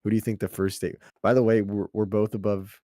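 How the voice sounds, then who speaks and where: Young guy with a really low voice, rambling excited chat, dry close mic. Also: brisk, dry recording. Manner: rambling, excitable, swears often. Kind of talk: casual chat.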